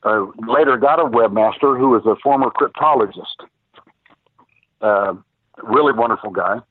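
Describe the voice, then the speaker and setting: Calling in over a tinny, dry phone line, this older former police officer turned PI shares stories in a meandering way, restarting often and leaning on fillers. His voice sits mid-range and moves at a moderate pace.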